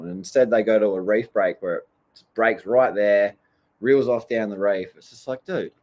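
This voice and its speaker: With a lowish, slightly mellow voice at a moderate pace, an Australian surfer vlogger rants casually through his stories. He's blunt and swears plenty.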